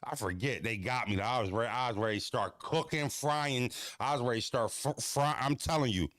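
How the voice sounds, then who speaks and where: A man's voice: mid-range voice, brisk, fairly bright tone, dry recording. A young man hosting a livestream, joking loosely and profanely, laughing and roasting his chat. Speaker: livestream host.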